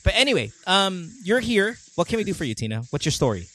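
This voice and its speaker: A man's voice: high-pitched, big pitch swings, fast, fairly bright tone. A man hosting a casual call-in show, joking and swearing, dropping Tagalog phrases into his talk. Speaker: host.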